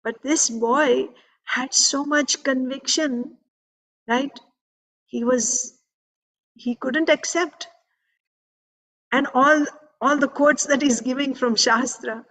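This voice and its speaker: A woman teaching a scripture class who retells a devotional story in a conversational way, with frequent "right?" asides and soft laughs. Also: high voice, fairly even intonation, slow pace, pauses often.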